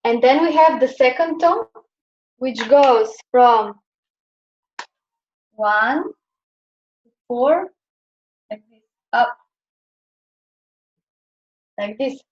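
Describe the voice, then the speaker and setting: A woman's voice: high-pitched, expressive, very slow, long pauses, darkish tone. A young woman from Slovenia teaching Chinese pronunciation in a classroom, explaining hesitantly with many fillers. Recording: dull lo-fi classroom recording.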